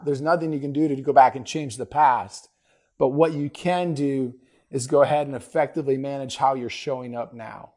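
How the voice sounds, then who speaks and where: A middle-aged man, a dentist hosting his own show, giving an energetic, emphatic motivational talk. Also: on the high side. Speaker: dentist and podcast host.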